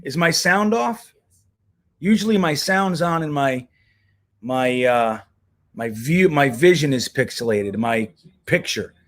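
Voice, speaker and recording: A man's voice: medium pitch, lively intonation, slow, long pauses. A man hosting a casual livestream, talking loosely and rambling, swearing now and then. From United States. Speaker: host.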